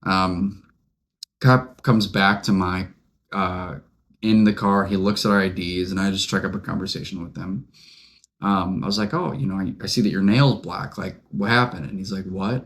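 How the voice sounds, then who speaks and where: A man's voice: low-pitched, moderate pace, a little hiss or hum. A young man co-hosting a podcast, telling a long anecdote in casual chat with lots of fillers. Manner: rambling, animated anecdote-telling with many fillers. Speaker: podcast co-host.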